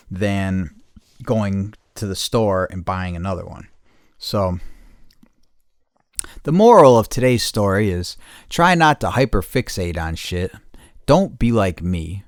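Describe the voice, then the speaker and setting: A man's voice: fairly low pitch, dry recording, studio quality. A podcast host in casual, rambling storytelling, swearing a lot and repeating himself as he talks. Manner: profane, restless, repeats himself.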